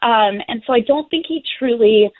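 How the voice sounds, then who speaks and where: A young woman calling in on a tinny phone line with a somewhat high voice. She speaks haltingly, full of ums and restarts, and sounds close to tears. The line sounds dry and narrow. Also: no room sound. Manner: hesitant, many ums and restarts, near tears. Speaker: caller. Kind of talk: phone-in call.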